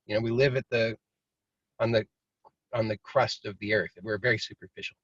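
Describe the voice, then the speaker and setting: A man's voice: lowish voice, steady tone, a little fast, fairly bright tone, no room sound. A man teaching in a casual, rambling way, now and then acting out inner voices. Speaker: meditation teacher. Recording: dry, slightly muffled video call audio.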